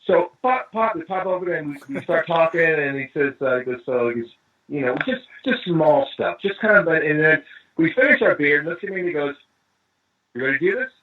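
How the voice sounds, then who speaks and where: Husky man telling a story over a tinny line. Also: on the high side, a little fast. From East Los Angeles. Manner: lively storyteller acting out quoted dialogue. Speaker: drummer and guest. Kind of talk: storytelling interview anecdote. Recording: tinny phone-line call.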